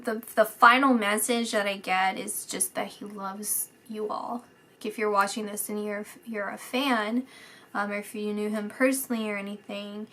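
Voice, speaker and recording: A woman giving a casual psychic reading, hesitant and full of fillers, sometimes dropping to a whisper. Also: medium pitch. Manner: hesitant, many fillers, drifts into soft whispers. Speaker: psychic reader.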